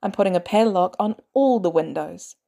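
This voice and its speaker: A woman voicing a furious, protective middle-aged aunt who shouts and scolds loudly. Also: mid-range voice, moderate pace, gravelly, natural voice. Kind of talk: fan audiobook reading.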